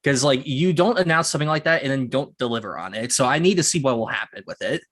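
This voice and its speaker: A man's voice: medium pitch, expressive, quick pace, fairly bright tone. Easygoing male podcast co-host. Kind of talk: casual chat.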